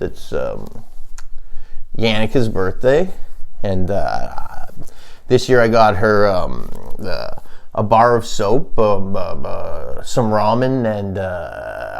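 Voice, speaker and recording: A man hosting his own comedy podcast, rambling on in a dry, deadpan way and stopping often to hesitate. His voice has a gravelly creak and wanders up and down in pitch. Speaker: podcast host.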